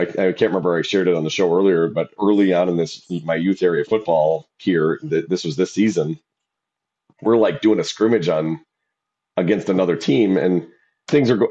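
A man co-hosting a casual podcast chat, telling coaching stories with animated acted-out quotes. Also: low-pitched. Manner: animated storytelling, acts out quoted shouting. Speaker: podcast co-host and youth football coach. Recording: dull lo-fi sound.

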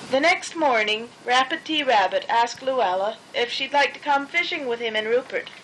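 A woman reads a children's picture book aloud in a gentle, expressive way. Her voice sits high and sounds bright. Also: moderate pace, a little hiss or hum, rough recording. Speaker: storybook narrator.

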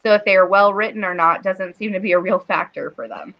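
A woman's voice: mid-range voice, fairly even intonation, fast, muffled recording. A woman hosting a casual livestream chat, reading viewer comments aloud and laughing often. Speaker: livestream host.

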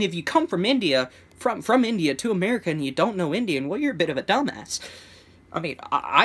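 A man's voice: sits high, fairly bright tone, slightly rough. Young man rambling through a storytime. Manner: rambling, many restarts and stammers; chuckling between phrases. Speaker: vlogger. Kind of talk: casual storytime.

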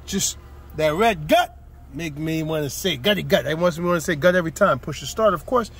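High-voiced hyped-up car salesman man. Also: lively intonation, brisk, a bit bright, husky. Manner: hyped, playful salesman patter with lots of repetition. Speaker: used car dealer. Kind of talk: casual sales walkaround video. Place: outdoor car lot under tents.

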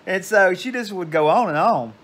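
A man's voice: sits high, lively intonation, moderate pace, fairly bright tone. An older man, casually telling a meandering story at home. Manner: meandering, digressive. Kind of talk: casual rambling anecdote.

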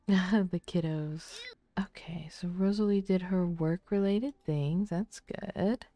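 A soft-spoken woman narrating a game playthrough in casual commentary. Her voice is low, mellow and unhurried, and she often drops into near-whispers. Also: no room sound. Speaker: let's play host.

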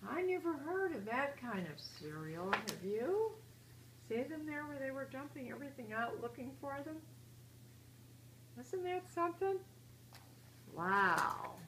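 A woman's voice: high voice, very animated, a little slow, pauses often. Older lady reading a kids' story, lots of up and down in her voice, asks the kids questions, echoey room. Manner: asks children questions, gently moralizing. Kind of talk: picture book read-aloud with asides to kids. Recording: roomy echo, faint hiss.

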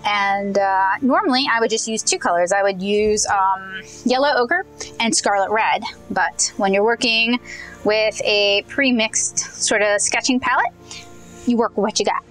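A young woman from Louisiana, chatting casually as she paints, thinking out loud and correcting herself as she goes. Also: medium pitch, a little slow, faint music behind, rough recording. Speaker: comic artist testing paints.

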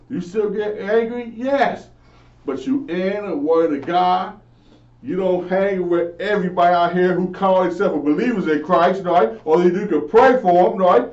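A man giving an informal Bible lesson, earnestly preaching and asking questions he then answers himself. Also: sits high. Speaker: Bible teacher. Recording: echoey, distant, dull lo-fi.

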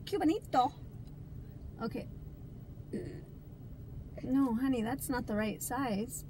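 Giggly high-voiced mom on a live stream. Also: female voice, takes it slowly, noisy background. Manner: giggly, teasing, playful. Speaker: mother demonstrating nail polish on a live stream. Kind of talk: casual live-stream chat.

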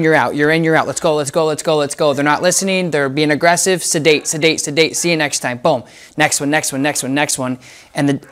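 A dog trainer explaining in a casual, emphatic way, repeating phrases for effect while working with a dog. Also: mid-range voice. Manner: talks to the dog in soft whispers between explanations. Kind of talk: casual instructional talk.

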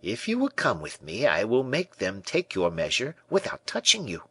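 A courteous, sharp-eyed playwright explains with polished, agreeable politeness, as a male narrator puts him on. The voice sits a touch low and moves with lively inflection. It is dry and close to the mic. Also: normal speed, husky, full character voice.

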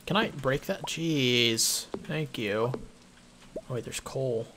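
A man's voice: mid-range voice, takes it slowly, noisy background. A young man giving casual, joking gameplay commentary with a friend, prone to giggles and offhand remarks. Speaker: gaming co-host.

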